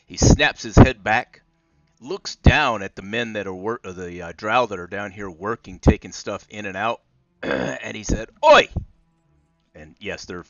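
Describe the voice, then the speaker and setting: A man's voice: on the low side, moderate pace, no echo, muffled recording, soft background music. A man narrating as game master of a tabletop game, drawling with many fillers.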